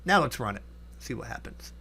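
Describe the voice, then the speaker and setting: A man's voice: mid-range voice, big pitch swings, brisk, bright, forceful tone, breathy edge. A man teaching programming in a casual coding tutorial, thinking aloud with fillers and self-corrections as he works. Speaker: programming instructor.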